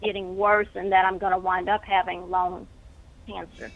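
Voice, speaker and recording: A woman's voice: on the low side, level tone, moderate pace, gravelly. A woman calling in by phone, short of breath, earnest and rambling as she describes her symptoms. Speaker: caller. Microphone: telephone. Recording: tinny dry phone line.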